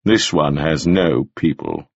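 A man voicing a stern, commanding male jailer who speaks calmly and curtly in a storybook reading. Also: very deep voice, takes it slowly, slightly rough, no room sound, muffled recording, voice pushed down, heavily acted. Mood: cold. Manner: calm, clipped, stern. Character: cold, commanding male jailer, calm and curt.

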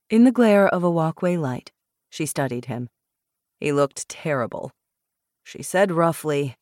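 A woman narrating an audiobook in a measured, expressive way. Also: fairly low pitch, dry recording, clean studio sound.

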